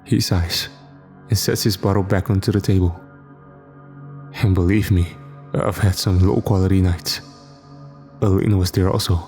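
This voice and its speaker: Male horror narrator, low steady voice, faint music under. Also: moderate pace, pauses often. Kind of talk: scripted first-person horror narration.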